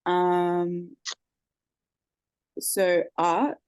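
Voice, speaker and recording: A woman's voice: on the low side, little pitch movement, extremely slow, a little mellow, smooth, soft background music. A woman speaking earnestly on a casual group video call, with many fillers. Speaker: group member.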